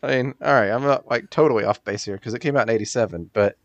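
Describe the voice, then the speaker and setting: A man co-hosting a podcast, chatting casually and animated, laughing often. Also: mid-range voice, fast talker, no echo, highs cut off. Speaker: podcast co-host. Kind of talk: casual chat.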